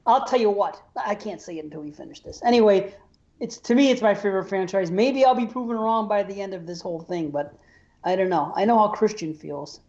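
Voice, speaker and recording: Excitable laughing male podcast host. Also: high-pitched, a little fast, lo-fi sound. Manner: excitable, laughs often, restarts. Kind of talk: casual chat.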